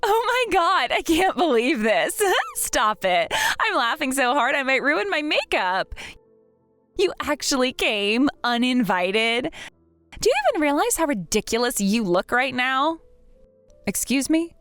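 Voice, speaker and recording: Snobbish young bride, condescending, voiced by a woman, bright melody, dry close sound. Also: sits high, big pitch swings, a little slow, no room sound, soft background music, heavily acted. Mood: sneering. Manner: sneering, condescending. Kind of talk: text-message drama reading.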